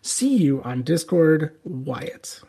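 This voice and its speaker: Husky-voiced man rambling on a podcast. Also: fairly high pitch, very animated, slow pace, dark tone. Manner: rambling, restarts sentences, swears casually. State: losing his voice. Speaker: podcast co-host. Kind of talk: casual chat.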